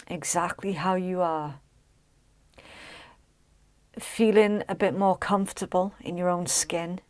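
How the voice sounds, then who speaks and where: Slow, low-pitched woman reading tarot. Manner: chatty, emphatic, checks in with "okay?" and "right?". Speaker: tarot reader. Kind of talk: casual tarot reading to camera.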